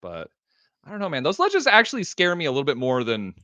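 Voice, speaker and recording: A man chatting as a guest on a live stream, laid-back and casual, swearing freely and trailing off into quiet mumbles. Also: fairly high pitch, huge pitch swings, fast, dry recording, dull audio.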